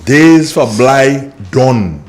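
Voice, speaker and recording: A man's voice: mid-range voice, animated, very slow. A Grenadian man hosting a political radio talk show, scolding listeners and repeating points for emphasis.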